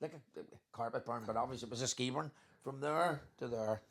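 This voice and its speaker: A man's voice: medium pitch, a little fast. A man, co-hosting a podcast and telling funny stories in a casual chat. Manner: animated storyteller, bursts of laughter. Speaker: podcast co-host.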